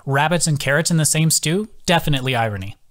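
A man's voice: fairly high pitch, expressive, fast, fairly bright tone, pitched above the performer's own voice. A man doing a wounded, joking young man. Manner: breathy, joking, exhausted. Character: injured young man, wry joker, weak.

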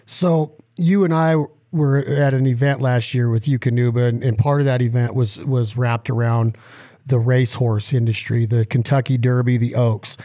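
A man's voice: mid-range voice, fairly even intonation, normal speed, dark tone, dry recording. A man hosting a podcast, asking long, rambling questions with many restarts. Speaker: podcast host. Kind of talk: casual interview questions.

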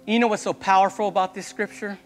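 A young male youth pastor preaches with fervor in a very high voice, often urging the listeners directly. His words ring through a reverberant church hall while soft music plays underneath. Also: level tone, fast. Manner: impassioned preaching, repeated calls to the congregation. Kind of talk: sermon.

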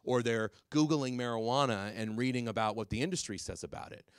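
A man giving a public talk to parents, animated and quick, with many fillers and restarts. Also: mid-range voice, smooth, no echo, studio quality. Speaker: drug policy speaker.

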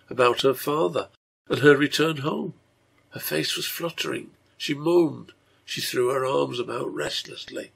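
A man reading a serialized story aloud in a measured way. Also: mid-range voice, vocal fry, a bit bright, husky. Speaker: reader and translator.

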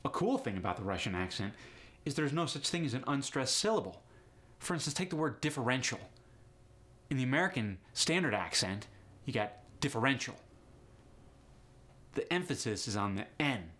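A man's voice: medium pitch, animated, moderate pace, pauses often, fairly bright tone. A man teaching an accent lesson step by step, upbeat and explanatory, saying example words to show each sound. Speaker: accent coach.

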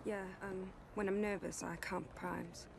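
A woman's voice: mid-range voice, level tone, unhurried, vocal fry, background noise. An actress playing a nervous young woman mathematician in a sci-fi drama, speaking hesitantly. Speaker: character in a sci-fi series clip.

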